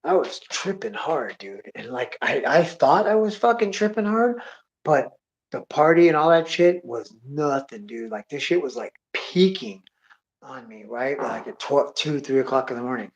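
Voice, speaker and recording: A man of middle pitch rambles through a wild tale, swearing freely and drawling "dude" again and again. He gets excitable, jumping into sound effects as he goes. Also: normal speed, lo-fi sound. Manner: acts out sound effects and voices. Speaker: storyteller. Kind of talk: rambling comic monologue.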